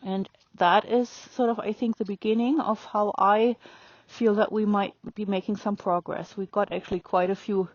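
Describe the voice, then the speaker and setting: A woman riding a horse and calmly explaining her training as she goes, pausing to speak softly to the horse. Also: mid-range voice, dry recording. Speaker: riding instructor. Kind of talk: narrating while riding. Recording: dry, dull lo-fi sound.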